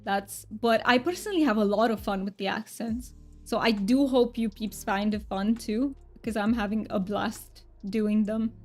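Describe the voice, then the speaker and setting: A woman's voice: mid-range voice, steady tone, normal speed, natural voice. A woman game streamer chatting with her viewers in a playful, put-on thick Romanian accent. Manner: playful, thanks viewers often. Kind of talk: casual live-stream chat. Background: faint background music.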